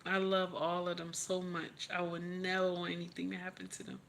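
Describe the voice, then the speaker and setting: In a lowish, gravelly voice with a completely flat delivery, a woman running a livestream talks a little fast while a faint hiss or hum runs underneath. Tearful, she preaches emotional motivation and keeps repeating her encouragements.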